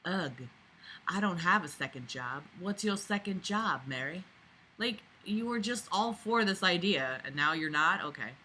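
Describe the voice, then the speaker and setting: A woman reading a book aloud and mocking it, swearing and breaking into loud sarcastic rants. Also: on the low side, animated, unhurried, slight background noise. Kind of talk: sarcastic hate-read commentary.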